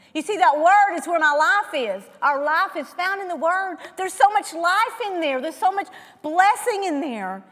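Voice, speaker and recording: High-voiced woman preaching in a reverberant hall. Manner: asks rhetorical questions, shifts between loud emphasis and hushed tones. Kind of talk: sermon.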